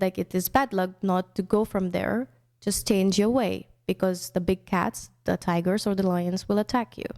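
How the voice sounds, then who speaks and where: Chatty young woman from India, mellow. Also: mid-range voice. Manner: chatty, storytelling, frequent restarts. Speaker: radio show host. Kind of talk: casual personal radio talk.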